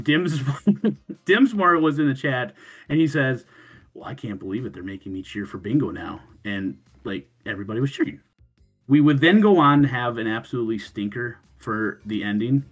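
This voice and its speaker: A man on a podcast telling a story in casual chat, animated, swearing freely and laughing, often restarting his sentences. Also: lowish voice. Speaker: podcast co-host.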